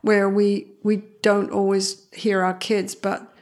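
A woman psychologist, a guest on an interview, explaining her ideas through lively stories and acting out the voices of the people she describes, often with a laugh. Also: medium pitch, takes it slowly. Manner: expressive, acts out voices in anecdotes. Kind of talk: interview storytelling.

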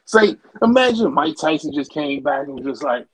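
High-voiced ranting man. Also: very animated, moderate pace, hardly any pauses, slightly rough, low-quality recording. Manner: blunt, profane, emphatic ranting. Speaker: podcast co-host. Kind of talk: casual wrestling chat.

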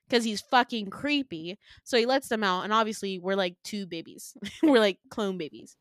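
A woman's voice: mid-range voice, moderate pace, few pauses, fairly bright tone, no room sound, studio quality. A young woman hosting a podcast, telling a story in a rambling casual way, full of filler words. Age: young adult. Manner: rambling, heavy on fillers like "like", laughs often. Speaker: podcast host.

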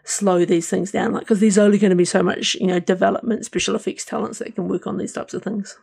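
A New man co-hosting an entertainment podcast, talking in a loose, rambling way full of fillers. His voice has a gravelly, creaky edge. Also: sits high, fast. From New Zealand. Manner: relaxed, rambling with fillers and restarts. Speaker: podcast co-host. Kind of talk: casual chat.

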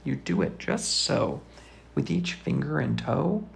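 A man's voice: mid-range voice, expressive, measured pace, creaky. A man reading a rhyming children's book aloud as a father, in a sing-song rhythm that often drops to a whisper. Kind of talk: storybook read-aloud.

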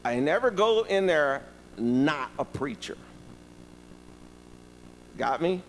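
A man preaching a sermon, telling stories and talking directly to the congregation in a lively, conversational way. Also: on the high side, takes it slowly, in a large hall, slight background noise, rough recording. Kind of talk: sermon with storytelling.

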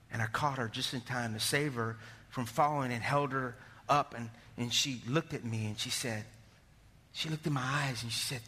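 A male pastor delivering a sermon, animated, rising to shouts and dropping low, recorded in a church sanctuary. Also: slightly rough. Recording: long hall reverb.

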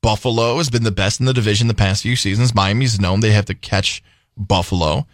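A man's voice: fairly low pitch, steady tone, a little fast, no echo, clean studio sound. Jokey male sports radio co-host. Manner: playful, jokey, analytic about games. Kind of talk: casual sports radio chat. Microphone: studio microphone.

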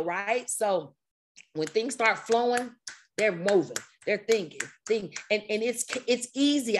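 A woman with a slightly strained voice, coaching a group on a video call in a lively, conversational way. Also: medium pitch. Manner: energetic, conversational, with laughs and repetitions. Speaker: coach leading an online group session. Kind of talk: motivational talk to a group.

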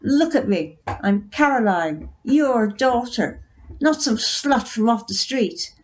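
A woman's voice: sits high, lively intonation, measured pace, low-quality recording. A woman reading a story, voicing a defiant teenage girl with a cutting, sarcastic edge. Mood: furious.

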